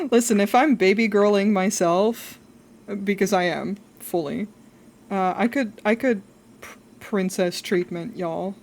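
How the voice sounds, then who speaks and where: A woman's voice: medium pitch, slow pace, pauses often, a little mellow, slight background noise. A young adult woman chatting casually while drawing on a live stream, rambling and self-reflective, laughing often.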